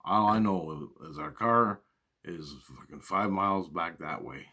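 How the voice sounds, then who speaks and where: A man's voice: low-pitched, measured pace, pushed and bright. A man telling a personal story in a casual, rambling way, with lots of swearing and repeated phrases. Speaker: storyteller recounting personal experiences.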